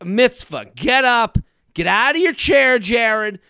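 Man, thirties, podcast host, comic storyteller, high voice, very dry sound. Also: slow, smooth, no echo. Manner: animated, acts out other people's lines. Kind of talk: casual comedic storytelling. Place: studio.

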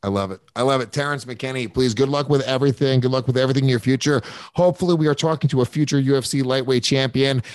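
A man's voice: medium pitch, fast talker, few pauses. A male podcast host rambles through a loose, casual chat, swearing often and restarting his sentences. The sound is dry and close, with almost no room echo. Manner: rambling, profane, stammering restarts.

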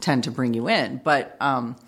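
A woman guest in a casual interview, talking in a dry, deadpan and sarcastic way. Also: extremely low pitch, unhurried, husky. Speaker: actress guest.

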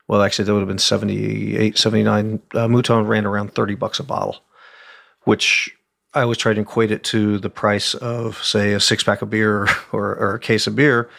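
Gravelly low-voiced man telling rambling stories. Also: little pitch movement, moderate pace, fairly bright tone, no room sound, studio quality. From Oklahoma, USA. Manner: rambling storyteller with many asides. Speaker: wine critic, guest. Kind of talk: conversational interview.

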